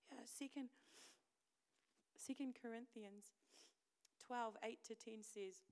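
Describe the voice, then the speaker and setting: A woman preaching a sermon in a high voice, taking her time over every phrase. She moves from loud, emphatic declarations down to hushed whispers as she tells her own story with candid, self-deprecating honesty. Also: steady tone, slow, long pauses.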